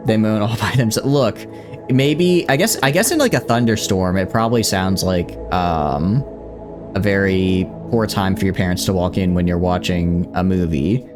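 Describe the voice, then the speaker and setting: A man's voice: sits low, normal speed, over music. A man hosting a live stream, chatting casually in a playful, teasing way with frequent restarts. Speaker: streamer and host.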